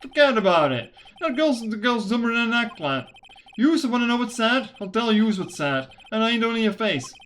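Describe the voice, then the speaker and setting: A woman voicing a blustering male mobster who talks in gruff tough-guy slang and makes threats. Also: fairly high pitch, very animated, normal speed, fairly bright tone, a little hiss or hum. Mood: menacing.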